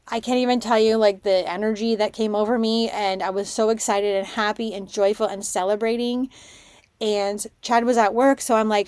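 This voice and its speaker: A woman hosting a spiritual podcast, telling stories in an excitable, rambling way and dropping to a hush for her inner thoughts. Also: medium pitch, brisk, no echo. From Canada. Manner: excitable storytelling, drops to a hushed voice for her own thoughts. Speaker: podcast host, spiritual mentor. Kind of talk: casual monologue podcast.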